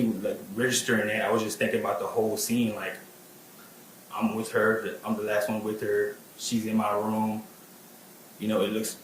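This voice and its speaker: A man recounting events as a witness, halting, with many fillers and restarts. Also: on the low side, reverberant, a little hiss or hum, rough recording. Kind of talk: testimony and recounting.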